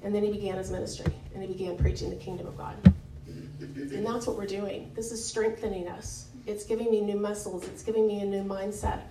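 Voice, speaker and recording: A woman's voice: medium pitch, level tone, fairly quick, very noisy. A woman leading a Bible study in a church meeting room, talking in a candid, conversational way with many fillers and self-corrections. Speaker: women's Bible study leader. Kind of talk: informal devotional teaching talk. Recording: echoey room, picked up from a distance.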